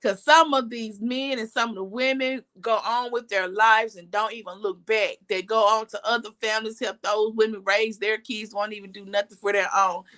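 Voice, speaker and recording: A woman hosting a casual talk show and reading out comments, hoarse with her morning voice and a chatty, animated way of talking. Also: mid-range voice, moderate pace, few pauses. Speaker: podcast host.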